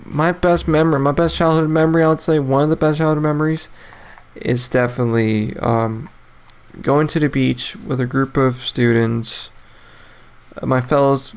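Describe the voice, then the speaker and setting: A man's voice: mid-range voice, gravelly, clean tone. Rambling young man chatting solo. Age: 20s. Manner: rambling, repeats and restarts himself. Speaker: podcast host. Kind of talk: solo casual chat.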